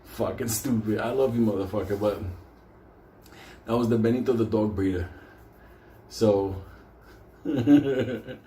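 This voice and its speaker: A man tells a wild story in loose, swear-filled talk, breaking into laughter along the way. His voice is dark and mellow. The sound bounces around a roomy space. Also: fairly low pitch, a little slow, long pauses, a little hiss or hum. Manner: profane, laughing, animated. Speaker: host. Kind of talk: casual storytelling. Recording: roomy echo.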